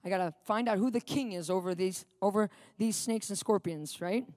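A middle-aged woman delivers a sermon, recounting a personal story and reading scripture with dramatic emphasis while frequently checking in with and questioning her listeners in an animated way. Her mid-range voice moves at a moderate pace, with no room sound.

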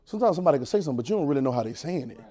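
A man's voice: fairly high pitch, lively intonation, racing, warm tone. A man preacher teaching a Bible class, repeating phrases and pulling call-and-response answers from the room.

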